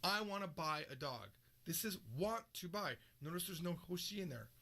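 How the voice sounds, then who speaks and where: A man teaching a recorded language lesson, explaining with lively, joking examples. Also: sits high, normal speed, creaky. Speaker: Japanese teacher.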